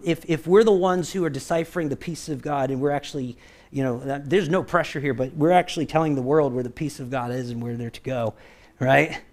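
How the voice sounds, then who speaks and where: A man preaching a conversational sermon as pastor, acting out quoted voices and often checking in with "right?". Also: fairly high pitch. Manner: animated, acts out quoted voices, keeps asking "right?".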